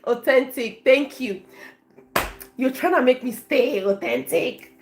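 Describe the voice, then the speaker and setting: A woman's voice: sits high, takes it slowly, a little hiss or hum. A woman from Africa, a life coach, chatting effusively on a live stream and thanking her viewers by name.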